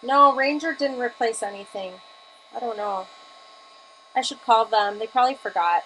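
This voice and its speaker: A woman's voice: on the high side, normal speed, fairly bright tone, slight background noise. A woman teaching a live-streamed mixed media art class, chatty and enthusiastic as she demonstrates. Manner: chatty and enthusiastic, gushing over colors.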